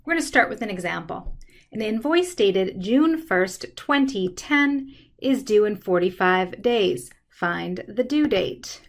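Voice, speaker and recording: A woman's voice: mid-range voice, animated, takes it slowly. Woman explaining math step by step. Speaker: math instructor. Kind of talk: screen-recorded lesson, working through problems.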